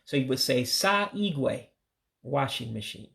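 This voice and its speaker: A man from the United States teaching household vocabulary in a casual lesson, patiently repeating each word slowly and closing with religious blessings. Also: mid-range voice, expressive, gravelly, a bit bright. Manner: religious sign-offs. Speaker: language learner teaching vocabulary.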